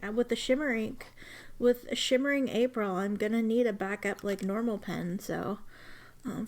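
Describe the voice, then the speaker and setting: A young woman talking casually and gushing with delight. Her voice sits a little high and carries plenty of gravelly fry. She often sinks into soft, half-whispered asides. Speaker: fountain pen vlogger. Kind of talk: casual chat while writing.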